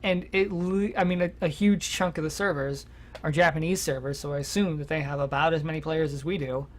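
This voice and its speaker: A podcast co-host with a mid-range voice, chatting casually about video games. The delivery is animated and loose, with swearing dropped in freely. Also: medium pitch, a little fast. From United States. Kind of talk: casual gaming chat.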